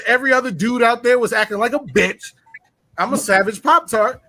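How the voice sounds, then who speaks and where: A man telling a rowdy personal story in casual chat, boastful and profane, full of slang and animated bragging. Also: high voice, normal speed. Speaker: podcast guest telling a story.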